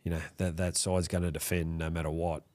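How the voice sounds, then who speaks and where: A man from Australia, a rugby league coach, talking casually as a podcast guest with halting, rambling restarts. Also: low voice, flat delivery, darkish tone. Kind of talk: casual interview chat.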